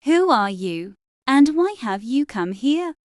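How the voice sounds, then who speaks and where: A woman's voice: high-pitched, big pitch swings, slow pace, no echo, heavily acted. A tiny British halfling warlock girl. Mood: wary. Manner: solemn, weary.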